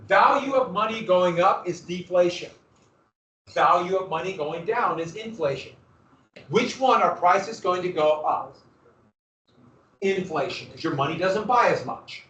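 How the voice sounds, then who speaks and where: A man teaching history to a class, his voice raised a little higher than most men's. He keeps quizzing the students and then supplies the answers himself. The recording catches him from across an echoey classroom. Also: fairly bright tone, muffled recording. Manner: asks the class questions and answers them himself. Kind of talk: classroom lecture. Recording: roomy classroom recording from far off.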